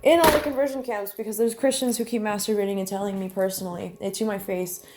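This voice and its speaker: A woman's voice: mid-range voice, steady tone, fast, noisy background. A woman talking to the camera from her bedroom in a rambling, swearing monologue that jumps from thought to thought. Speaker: vlogger.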